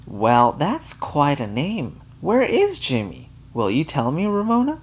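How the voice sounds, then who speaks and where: A man's voice: a little high, huge pitch swings, measured pace, breathy edge, pitched above the performer's own voice, exaggerated voice. A man putting on a gushing young woman.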